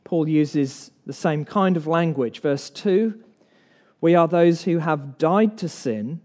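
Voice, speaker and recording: A man's voice: on the high side, slow pace, a little mellow. A man preaching an evening sermon in church, earnest and emphatic, posing rhetorical questions to the congregation.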